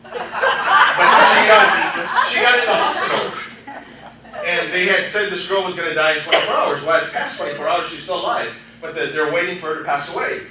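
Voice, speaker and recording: A man preaching a sermon as pastor, animated and laughing often, swinging between loud exclamations and quiet storytelling. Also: high voice, normal speed, background noise. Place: church sanctuary. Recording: echoey church hall, mic from far off, congregation responding. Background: congregation calling out responses.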